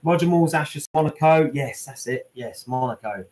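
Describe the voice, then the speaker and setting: A man's voice: medium pitch, normal speed, darkish tone. Chatty British man reading live chat. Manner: chatty, reads out viewer comments, lots of "um" and "mate". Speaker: channel host answering live chat.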